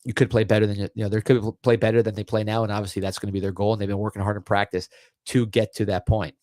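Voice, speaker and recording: A middle-aged man hosts a live sports podcast in a relaxed, chatty way. His voice sits fairly low and he talks quickly, stumbling over repeated words now and then. The sound is close and dry, with no room around it. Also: no echo. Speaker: podcast host. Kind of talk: casual live-stream sports chat.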